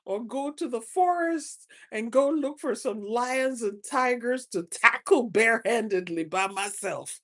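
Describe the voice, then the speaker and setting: A woman's voice: on the high side, measured pace. A woman hosting a casual motivational talk, laughing often and repeating phrases for emphasis. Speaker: host, spiritual advice speaker.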